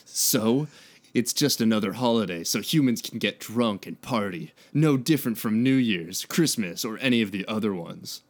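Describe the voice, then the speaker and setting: A man voicing a grumpy, cynical young male mutant turtle in a comic fan-fiction reading, grumbling his lines flatly. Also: lowish voice, moderate pace. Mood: dismissive. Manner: flat, grumbling.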